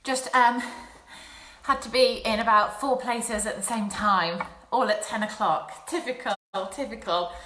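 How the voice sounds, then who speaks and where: A young woman hosts a children's craft session from home. Her voice is crisp and bright and sits a touch high. The room around her is bare and echoey. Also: measured pace, a little hiss or hum. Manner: chatty, apologetic and bubbly, addressing children. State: out of breath. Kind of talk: live-streamed craft lesson for children. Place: home, indoors. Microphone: phone or webcam livestream.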